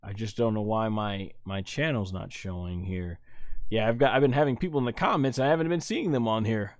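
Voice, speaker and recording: A man's voice: fairly low pitch, brisk, no echo. A man hosting a live stream, rambling and thinking aloud as he reads viewers' chat messages and answers them. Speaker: wrestling show reviewer and live streamer.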